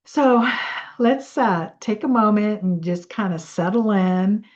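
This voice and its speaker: A woman coach with a mellow, soft-edged voice talks at an unhurried, drawn-out pace. She rambles a bit and corrects herself as she teaches and guides listeners through slow breathing. The recording is slightly muffled. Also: mid-range voice. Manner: chatty and rambling, with self-corrections. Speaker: money mindset coach.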